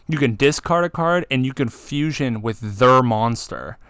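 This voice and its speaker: A man co-hosting a podcast, talking excitedly about card games, swearing and acting out game moments. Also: mid-range voice, normal speed, clean tone, no room sound, studio quality. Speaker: podcast co-host. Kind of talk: casual chat.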